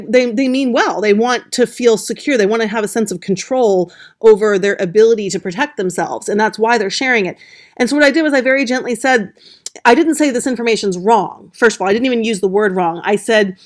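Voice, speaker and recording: A woman journalist, a guest on a podcast, explaining in a gentle way with frequent restarts. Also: on the high side. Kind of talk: podcast interview.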